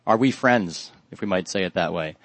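A man preaching a Bible study sermon in a measured, earnest way, pausing often with fillers. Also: sits low, a bit bright, no room sound.

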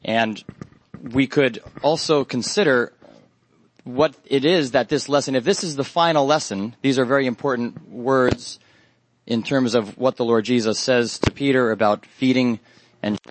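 A man preaching a Bible study sermon in a measured, earnest way, pausing often with fillers. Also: medium pitch, slight background noise.

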